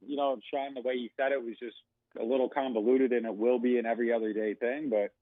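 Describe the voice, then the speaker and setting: A man's voice: mid-range voice, steady tone, fast, no echo. A man, a sports reporter calling in as a guest, talking through his analysis in a loose, rambling way with plenty of fillers. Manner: talkative, rambling with many fillers. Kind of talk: casual phone-in analysis. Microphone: phone. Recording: tinny phone line.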